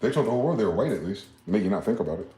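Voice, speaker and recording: A man talking in a rambling, profane late-night monologue, swinging from loud outbursts to low muttering. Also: animated, racing, roomy sound. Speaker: vlogger.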